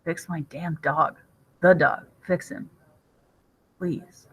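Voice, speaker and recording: A woman voicing a gruff, weary male hero who speaks low and tersely. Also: fairly even intonation, slow pace, full character voice, poor audio.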